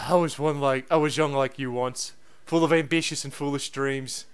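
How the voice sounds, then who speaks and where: A man's voice: mid-range voice, steady tone, moderate pace, vocal fry, clean tone, pitched below the performer's own voice, lightly acted. A man voicing a pompous, indignant old male professor explorer while reading game dialogue aloud, with a huffy, dismissive manner. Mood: solemn.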